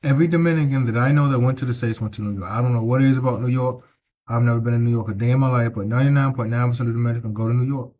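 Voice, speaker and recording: A man's voice: medium pitch, fairly even intonation, racing, dark tone. A middle-aged man vlogging outdoors on the street, talking into a handheld phone in a preachy way and tagging his points with "right?". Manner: preachy, repeats himself, tags lines with "right?". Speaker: travel vlogger. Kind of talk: casual walking vlog to camera.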